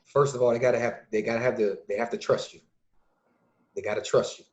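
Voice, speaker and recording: A man from Illinois, a podcast guest and youth mentor, talking casually and acting out quoted dialogue with lively changes of voice. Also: medium pitch, fast. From Lake County, Illinois, USA. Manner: lively storyteller who acts out quoted dialogue. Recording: dull lo-fi recording.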